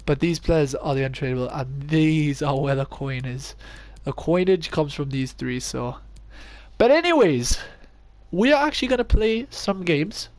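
A man's voice: on the high side, lively intonation, normal speed, few pauses, a little mellow, no room sound. A young man giving casual gameplay commentary, thinking aloud and poking fun at himself. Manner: chatty, thinks aloud, self-mocking. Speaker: gaming YouTuber.

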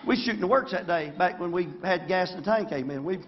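This man's voice is high and quick as he preaches a folksy sermon in a church sanctuary, regularly prompting the congregation for an amen. He's a Southern-accented pastor from Arkansas, heard with highs cut off and slight background noise.

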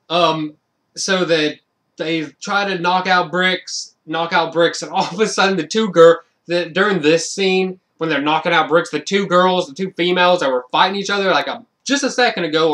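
A man's voice: fairly high pitch, fairly bright tone. A man giving a casual, rambling film review, with lots of fillers and restarts and frequent amused laughs.

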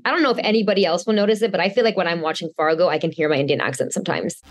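A woman's voice: on the low side, very fast. A woman actor in a casual interview, talking in chatty bursts with small restarts.

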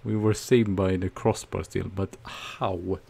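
Male streamer, unhurried gravelly delivery, nervous play-by-play of a football game. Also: low-pitched. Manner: nervous, excitable play-by-play with outbursts. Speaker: gaming streamer. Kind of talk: casual game commentary.

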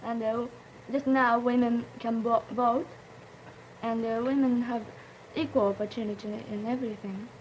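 A woman's voice: fairly high pitch, fairly even intonation, normal speed, a little mellow, muffled recording, slight background noise. A young woman from Japan with a Japanese accent, speaking English hesitantly and searching for words. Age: late teens. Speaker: exchange student panelist.

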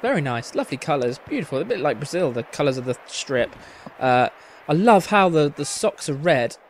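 A man's voice: on the high side, big pitch swings, brisk, slight background noise. A man doing casual, sweary, self-mocking commentary over a football video game. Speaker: gaming commentator. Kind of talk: casual let's-play commentary.

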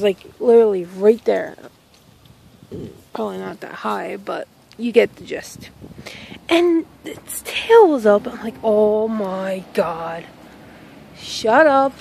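A woman's voice: medium pitch, gravelly, mellow, a little hiss or hum, low-quality recording. A woman vlogger telling a story in a casual, rambling way, outdoors in a yard and filming on a phone she holds herself, with lots of exclamations and self-interruptions.

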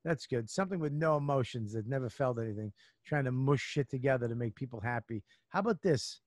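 A comedian man talking on a podcast in a middle-pitched voice. He hands out gruff, blunt advice full of swearing. The sound is dry and close, with no room around it. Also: a little fast, no room sound. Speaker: comedian guest. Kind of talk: casual podcast chat.

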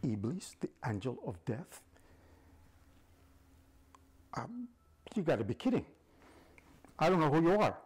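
A man voicing a startled, pleading elderly male scientist who protests in rapid, stammering bursts. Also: medium pitch, lively intonation, breathy edge. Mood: disbelieving.

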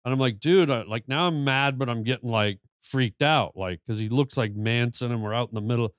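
A man telling a story as a podcast guest, animated, tripping into quick restarts as he goes. His voice sits at an ordinary middle pitch and sounds close and dry, with no room around it. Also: no room sound. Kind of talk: storytelling in casual chat.

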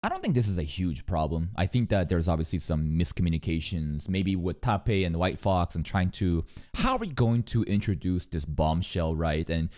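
A man reacting to a video with casual commentary, animated and profane, rambling with many fillers. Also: low voice, normal speed, few pauses. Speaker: reaction streamer.

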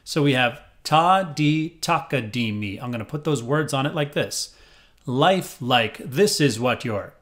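Male music teacher, mid-range voice, patient and clear, counts in and chants rhythm syllables. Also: medium pitch, lively intonation, unhurried, a bit bright. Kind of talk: rhythm reading lesson.

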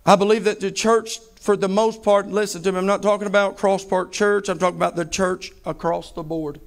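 Male pastor, high-pitched, fervent repetitive sermon delivery. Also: little pitch movement, a little fast, gravelly. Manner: fervent, emphatic preaching with heavy repetition.

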